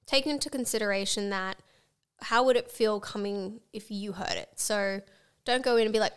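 A woman's voice: mid-range voice, moderate pace, smooth. A woman co-hosting a casual podcast chat, speaking frankly and swearing casually. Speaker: co-host.

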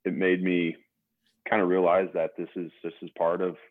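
A young adult man, a former pro basketball player, telling stories as a guest in a relaxed casual podcast interview, over a tinny phone-like line. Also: low voice, moderate pace, no echo. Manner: relaxed storytelling with fillers.

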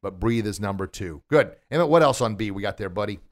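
A martial arts instructor hosts a coaching podcast from a studio, speaking fast and animatedly in a fairly low voice into a studio microphone. Encouraging and upbeat, he quizzes his listener with questions and praises their answers.

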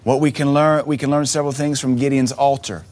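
Earnest male preacher, emotional and halting. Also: medium pitch, fairly even intonation, darkish tone. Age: 30s. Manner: earnest, emotional storytelling with repeated restarts. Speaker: pastor. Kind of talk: sermon.

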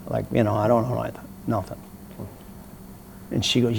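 A man's voice: mid-range voice, normal speed, creaky, long pauses, a little hiss or hum. A middle-aged man, an interview guest, telling a story casually and acting out the voices of the people in it. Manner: animated storyteller, acts out quoted voices.

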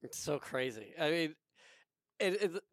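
A man hosts a casual podcast, his voice sitting a touch higher than most men's. He talks in an easygoing, encouraging way and laughs along with his guest. The recording is dry, with no room sound. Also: lively intonation, measured pace, a bit bright, dry recording. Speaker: podcast host.

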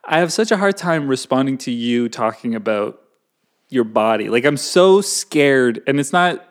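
A man co-hosting a casual talk show, his voice middle-pitched. He rambles and mocks himself, trailing off and restarting his sentences. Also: animated, measured pace. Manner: rambling, self-mocking, many restarts. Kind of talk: casual chat.

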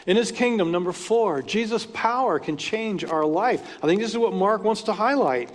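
High-voiced man preaching in an echoing hall. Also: expressive, moderate pace, few pauses. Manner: conversational, retells scripture stories with asides. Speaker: pastor. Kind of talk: sermon. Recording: long hall reverb.

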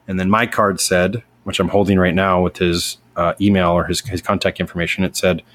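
Low, flat-voiced man telling a story. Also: brisk, few pauses. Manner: earnest, rambling, with many fillers and restarts. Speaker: podcast host. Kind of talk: personal storytelling.

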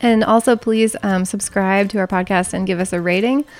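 A woman's voice: medium pitch, steady tone, moderate pace, faint music behind. A woman co-hosting a local food podcast, thanking a guest and reading the sign-off. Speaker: podcast co-host. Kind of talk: podcast interview and outro.

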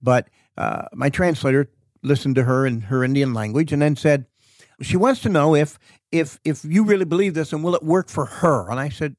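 A man who preaches, telling a story in a casual interview and acting out the dialogue with lively rises in his voice. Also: fairly high pitch, moderate pace, no room sound. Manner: animated storyteller, acts out quoted dialogue. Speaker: preacher and author guest.

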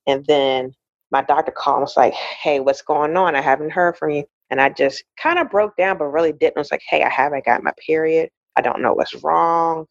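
A woman in her forties, a podcast guest, telling a personal story in a lively way and acting out the voices of the people in it. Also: low voice, a little fast, no room sound, muffled recording. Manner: animated storyteller, acts out quoted voices, laughs often. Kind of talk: casual interview storytelling.

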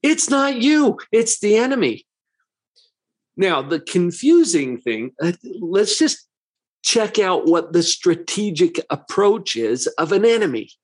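Man, psychologist, motivational talk, very animated intonation, rhetorical questions. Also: sits high, takes it slowly, breathy edge. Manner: rhetorical questions, conversational and emphatic.

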